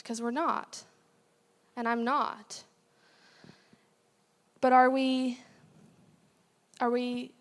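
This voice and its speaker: A young woman giving a casual, chatty sermon as a guest speaker, with many fillers. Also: fairly high pitch. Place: church hall. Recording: long hall reverb.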